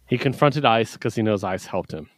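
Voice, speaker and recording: A man's voice: on the low side, animated, normal speed, no echo. A man co-hosting a podcast, recapping comics in casual chat with filler words and swearing. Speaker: podcast co-host.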